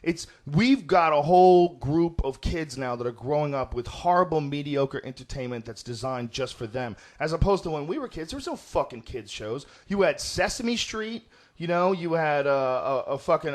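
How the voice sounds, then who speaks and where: A man's voice: a little high, moderate pace. A man hosting a podcast, ranting in an emphatic, profane way during casual chat. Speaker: podcast host.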